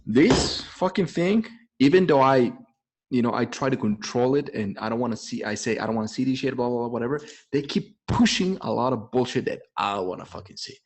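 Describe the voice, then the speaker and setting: Man, podcast host, husky voice, profane, animated casual chat. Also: medium pitch. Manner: profane, fast, animated, laughs often. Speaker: image consultant.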